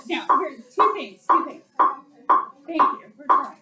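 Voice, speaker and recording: A woman with a fairly high voice coaches a violin sectional, counting the players in and giving brisk practical pointers. The room is echoey, and violins play behind her. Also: animated, bright, forceful tone, faint music behind. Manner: counts off and gives quick practical instructions. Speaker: violin teacher. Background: violins playing.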